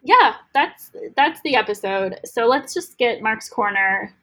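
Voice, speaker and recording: A woman's voice: a little high, expressive, a little slow, bright, forceful tone, rough recording. A woman co-hosting a podcast, chatting casually about a TV episode with many fillers. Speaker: podcast co-host. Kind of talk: casual chat.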